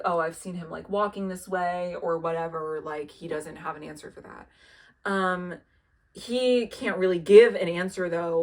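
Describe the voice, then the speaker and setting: A young woman with a slightly low voice tells a story in a loose, chatty way, her sentences full of filler words. She swears freely and adds dry, sardonic asides as she goes. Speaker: TV recap video maker. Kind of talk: casual plot recap.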